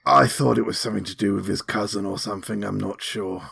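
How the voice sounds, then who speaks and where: A man's voice: fairly low pitch, quick pace, gravelly, fairly bright tone, slightly rough. A man playing a tabletop game, making wry, dry jokes. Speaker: player. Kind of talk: casual tabletop game play.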